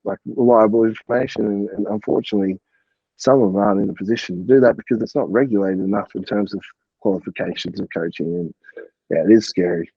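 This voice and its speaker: A man's voice: fairly low pitch, fast talker, gravelly, slightly rough, dry recording, highs cut off. A man, a podcast guest and coach, chatting casually and rambling with lots of "like" and the odd swear word. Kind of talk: casual interview chat.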